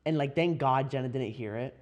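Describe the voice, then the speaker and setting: A young man hosting a podcast, talking about movies in a casual, animated way with frequent laughs. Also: mid-range voice, brisk, highs cut off. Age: young adult. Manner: animated, laughs often, many restarts. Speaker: podcast host. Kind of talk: casual chat.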